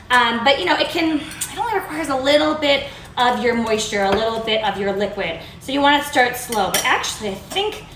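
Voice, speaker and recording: A woman hosting a live cooking demonstration in a kitchen, chatty, bubbly and easily excited. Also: a little high, echoey room, a little hiss or hum. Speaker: cooking show host.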